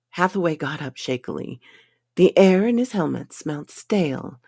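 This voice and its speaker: A woman narrating a pulp science fiction story in a dramatic, unhurried reading style. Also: fairly low pitch, lively intonation, warm tone, husky, no echo, studio quality.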